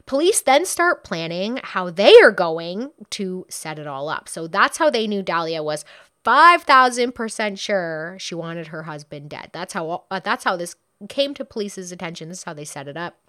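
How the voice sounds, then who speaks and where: A woman's voice: fairly low pitch, very animated, normal speed, sharp tone, clean tone, no echo, studio quality. A woman casually retelling a true crime case, chatty and blunt, swearing freely and acting out what people said.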